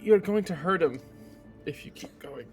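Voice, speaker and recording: A man's voice: a little high, lively intonation, normal speed, soft background music. A man running a tabletop game as game master, casual and joking, swearing freely.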